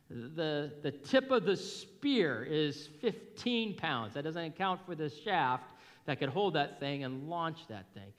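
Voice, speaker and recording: A man preaching a sermon as pastor, telling a Bible story in an animated, emphatic way. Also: high voice. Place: church hall. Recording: long reverb of a hall.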